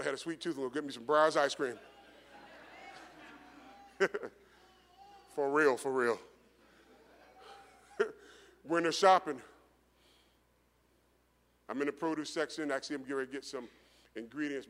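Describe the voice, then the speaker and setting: Middle-aged preacher in a reverberant hall. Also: male voice, medium pitch, fairly bright tone. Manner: conversational preaching, repeats phrases, builds to rising intensity. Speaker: pastor. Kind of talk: sermon storytelling.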